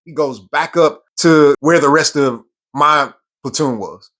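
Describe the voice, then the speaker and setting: A man's voice: a little high, unhurried, a bit bright. A man, a military veteran, telling a personal story in an earnest, emphatic way, often repeating words for stress.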